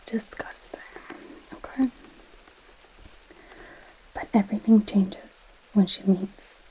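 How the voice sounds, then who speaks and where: Whispered role-play, woman doing a sarcastic goth girl, slow hushed reading, mocking asides. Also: mid-range voice, steady tone, husky, poor audio. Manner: sarcastic, mocking commentary while reading aloud. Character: snarky, possessive goth girl friend. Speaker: ASMR creator.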